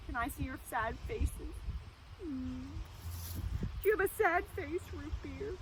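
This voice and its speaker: High, lively children's librarian woman. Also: unhurried, long pauses. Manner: animated, sing-song, talks to kids and goats. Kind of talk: children's lesson with goats. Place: outdoor goat yard. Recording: noisy outdoor goat yard.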